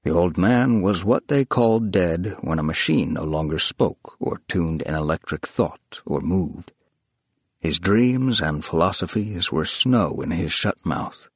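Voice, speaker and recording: Male storyteller, measured delivery, husky tone, low pitch, very dry sound. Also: no room sound. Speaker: narrator. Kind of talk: scripted narration.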